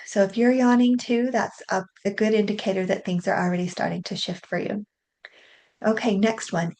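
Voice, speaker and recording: A woman coaching a guided tapping session, speaking calmly and repeating each affirmation three times in a steady rhythm. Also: medium pitch. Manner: softens and slows toward a quiet hush.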